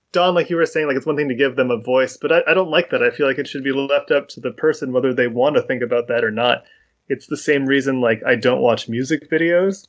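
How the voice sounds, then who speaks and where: A man's voice: medium pitch, highs cut off. A man co-hosting a casual podcast, ranting with strong opinions. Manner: opinionated, quick to rant. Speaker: podcast co-host.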